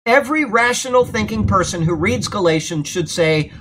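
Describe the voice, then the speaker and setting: A man's voice: sits high, normal speed, slight background noise. Man teaching a Bible class, conversational. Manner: conversational, animated lecturing with frequent okays. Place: church classroom during a thunderstorm.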